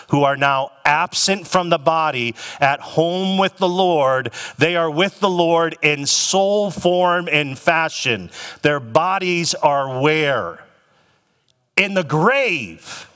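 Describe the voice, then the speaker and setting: A male pastor delivers a sermon with emphasis, slowing down to lean on each phrase of scripture. His voice sits a bit high for a man and comes across bright and forceful. A long hall reverb trails behind every line.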